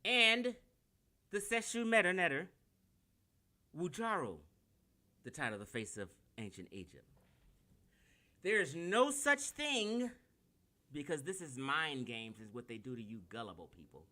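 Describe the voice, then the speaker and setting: Man, Californian accent, brash, profane, combative livestream lecture, animated pitch. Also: unhurried, long pauses. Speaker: online lecturer.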